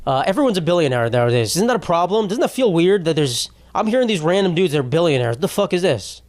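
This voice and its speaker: A man's voice: a little high, big pitch swings, fast talker, no room sound. Profane young man rambling comically. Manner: profane, rambling, self-interrupting. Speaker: podcast host. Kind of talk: comedic monologue.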